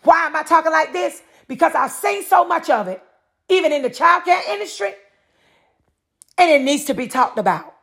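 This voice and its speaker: A middle-aged podcast host from North Carolina, USA, delivers a preachy monologue on her own show, repeatedly posing rhetorical questions and answering them herself. Her high, fairly bright voice is expressive and moderately paced.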